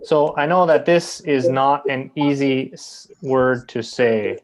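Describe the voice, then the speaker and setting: A man teaching an English pronunciation lesson, drawing out model sounds slowly and often checking in with "right?". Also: mid-range voice.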